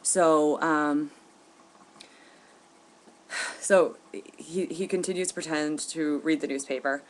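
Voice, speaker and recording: A woman vlogging at home, telling a story in an indignant, animated way with bursts of laughter. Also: sits low, slow pace, long pauses. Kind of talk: casual storytelling to camera. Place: at home, indoors.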